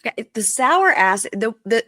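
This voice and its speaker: A woman's voice: on the high side, sing-song, moderate pace, pushed and bright, no room sound, clean studio sound. A woman guest on a podcast, chatting casually and hedging her opinions with lots of "like.". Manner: chatty, hedging, uses "like" often. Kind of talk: casual chat.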